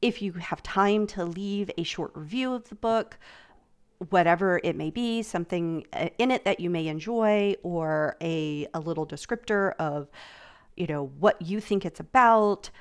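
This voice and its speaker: A woman hosting a live-streamed convention panel, talking in a loose, chatty way full of fillers and restarts. Her voice is smooth and clear, and she sits a little low for a woman. She keeps circling back to finish her thought. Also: unhurried. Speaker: panel host. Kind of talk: casual panel chat.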